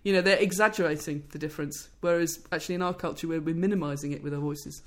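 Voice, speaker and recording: Researcher guest, woman, low voice, thoughtful, fluent, many restarts. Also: fairly even intonation, quick pace. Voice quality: low-pitched voice. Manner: thoughtful, fluent with frequent restarts and "you know". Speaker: speech scientist guest. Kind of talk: interview, explaining research.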